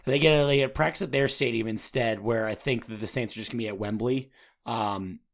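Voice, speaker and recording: A man's voice: medium pitch, quick pace, gravelly. A man hosting a casual sports podcast, rambling and repeating words as he talks. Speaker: podcast host.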